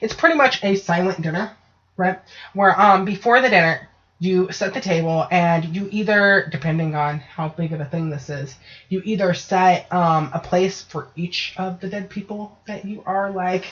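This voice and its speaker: Female podcast host, casual and foul-mouthed, animated storyteller; muffled lo-fi sound. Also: fairly low pitch, normal speed. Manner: profane, ranting, animated storytelling. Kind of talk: casual chat. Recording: dull lo-fi podcast audio.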